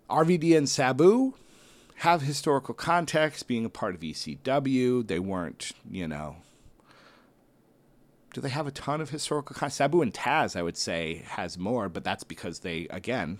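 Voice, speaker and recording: Lower-pitched man musing aloud. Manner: musing, weighing options aloud with sudden excited outbursts; self-deprecating, playful asides. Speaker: host ranking a wrestling tag team bracket. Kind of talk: casual commentary, thinking aloud.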